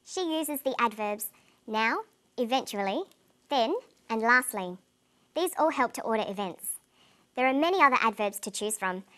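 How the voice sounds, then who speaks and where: A woman presenting an English lesson in clear, deliberate scripted narration, slowing down on example words. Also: a little high, expressive, a bit bright.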